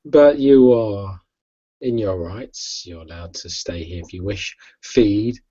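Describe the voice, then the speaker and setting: A blunt, fight-loving male vampire, as a man puts him on in a tabletop game, gruff and boastful, his lines often dropping low and soft at the ends. The voice sits a little low, and the sound is dull and lo-fi like a video call. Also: slow pace.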